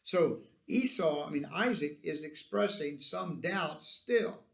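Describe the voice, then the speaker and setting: A man's voice: a little high, lively intonation, slow pace, gravelly. A man teaching a Sunday school Bible lesson, explaining the verses and reading them out with emphasis.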